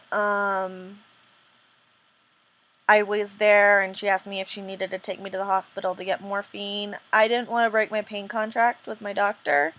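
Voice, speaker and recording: A woman talks straight to her camera in a casual vlog, retelling a story in a rambling, self-interrupting way. Her voice sits at an ordinary middle pitch for a woman. She sounds earnest and a little indignant, and she stops and restarts often with "um.". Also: a bit bright, rough recording. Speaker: vlogger.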